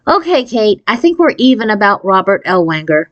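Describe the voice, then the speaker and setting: A woman's voice: mid-range voice, sing-song, a little fast, muffled recording, natural voice. A woman voicing a bold, slightly theatrical fifth-grade girl in a storybook read aloud.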